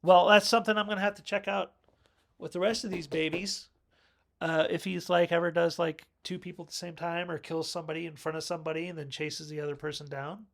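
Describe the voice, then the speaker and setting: Male movie reviewer, casual and rambling, slightly high and gravelly voice. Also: level tone, quick pace. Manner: rambling, self-correcting, with chuckles.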